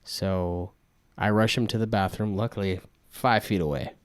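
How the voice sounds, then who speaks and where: A man's voice: fairly low pitch, steady tone, moderate pace, clean tone, no room sound. A young man co-hosting a podcast, telling a story in casual chat with acted-out quotes and frequent restarts. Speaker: podcast co-host.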